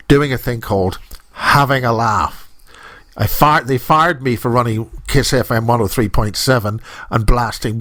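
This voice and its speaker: A man's voice: medium pitch, fairly bright tone, no echo. A middle-aged man hosting a radio show in a studio, rambling and joking as he drifts from topic to topic, close to the microphone. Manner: jokey, digressive, self-interrupting. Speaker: radio host.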